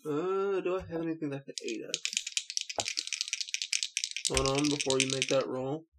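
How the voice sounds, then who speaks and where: A man playing a tabletop game, playful and quick to laugh and swear. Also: fairly high pitch, heavy background noise. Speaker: player.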